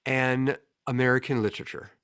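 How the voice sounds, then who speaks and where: A man's voice: medium pitch, steady tone, fairly bright tone, smooth. A man cohosting a podcast, trading jokes and laughing often. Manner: laughs often, slow unhurried telling. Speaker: podcast co-host. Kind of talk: casual joke-telling banter.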